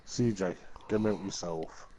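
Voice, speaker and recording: A man's voice: deep voice, a little slow, heavy background noise. Profane, teasing man. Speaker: livestream chatter. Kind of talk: crude casual banter.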